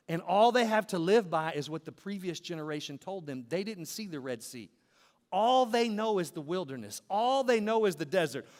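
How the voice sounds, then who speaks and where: A man preaching a sermon as pastor, in a rhythmic style with repeated phrases that build to emphatic peaks. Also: high voice. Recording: long hall reverb.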